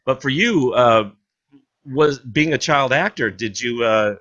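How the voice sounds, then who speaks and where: Male host, bright sharp voice, halting rambling questions, muffled lo-fi sound. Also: medium pitch. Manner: halting, many fillers and restarts. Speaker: interview host. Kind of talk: interview questions. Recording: dull lo-fi audio.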